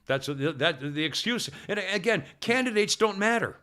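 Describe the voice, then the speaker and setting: A man's voice: high voice, lively intonation, normal speed, bright, forceful tone. A rambling talk radio host, a man with a slightly raised voice. He drifts between sponsor plugs and sarcastic political gripes, leaning into mocking mimicry. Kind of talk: casual talk radio chat.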